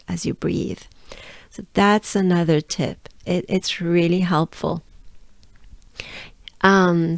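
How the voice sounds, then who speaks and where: Slow, gravelly French woman teaching pronunciation. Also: on the low side, a little mellow, no echo, studio quality. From France. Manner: patient, repeats sounds slowly, coaches breathing. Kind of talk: pronunciation lesson.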